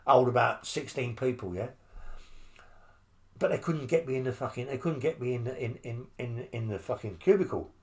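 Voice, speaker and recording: Older london bloke telling rough prison stories, swears a lot, keeps going "yeah?". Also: male voice, medium pitch, normal speed. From England. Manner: blunt, heavy swearing, rambling with tag questions. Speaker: interviewee, former criminal. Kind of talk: storytelling interview.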